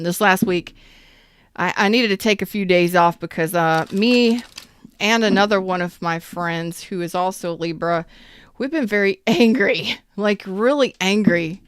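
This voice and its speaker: A woman's voice: lowish voice, measured pace, no echo. A woman giving a casual, chatty tarot reading, speaking straight to her viewers in an upbeat, emphatic way. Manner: chatty, addresses viewers directly. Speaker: tarot reader.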